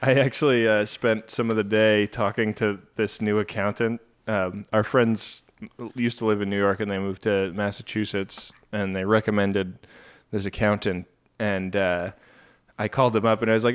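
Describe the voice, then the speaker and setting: A man's voice: medium pitch, measured pace, clean tone. A male podcast host in casual chat, telling stories with quoted voices and laughing often. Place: Brooklyn.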